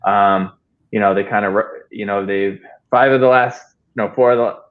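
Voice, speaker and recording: A man's voice: fairly low pitch, fairly even intonation, moderate pace. A man hosting a casual sports chat, easygoing and hesitant, often trailing off. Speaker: show host. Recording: dull lo-fi audio.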